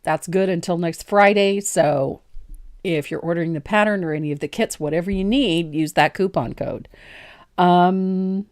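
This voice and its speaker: A woman hosting a live painting tutorial, chatty and quick to laugh, poking fun at herself as she explains each step. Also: lowish voice, darkish tone. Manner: chatty, laughs easily, self-deprecating. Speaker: host and painting teacher.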